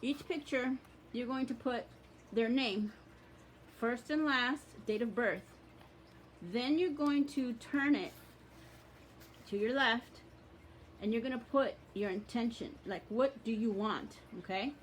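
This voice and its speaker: A woman's voice: fairly high pitch, slow pace, pauses often, a little hiss or hum. A woman teaching a ritual, speaking blunt, profane commands, then giving casual step-by-step instructions. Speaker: spiritual practitioner teaching a ritual.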